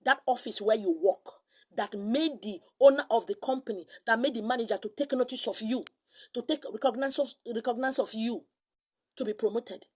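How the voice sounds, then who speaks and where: A middle-aged woman with a Nigerian accent preaching a sermon, animated, slipping into pidgin and acting out other voices. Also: on the high side, brisk, breathy edge. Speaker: spiritual teacher.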